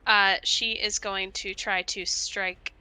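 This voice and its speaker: A woman's voice: mid-range voice, flat delivery, takes it slowly, bright, forceful tone, clear, resonant tone. A woman playing a tabletop game, describing her character's actions in a hesitant way full of "like" and "you know". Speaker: player.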